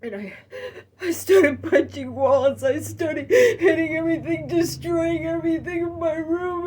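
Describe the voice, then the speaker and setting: A middle-aged woman tells a personal story in tears, her voice breaking, with halting narration that erupts into sobbing shouts. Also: very high-pitched. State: tearful, voice breaking. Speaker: storyteller recounting a personal loss. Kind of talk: emotional personal testimony.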